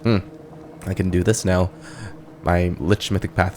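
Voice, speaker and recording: A man's voice: low-pitched, unhurried, long pauses, a little hiss or hum. A man casually commenting on a game and reading its text aloud. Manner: relaxed, reads dialogue and narration aloud. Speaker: gamer.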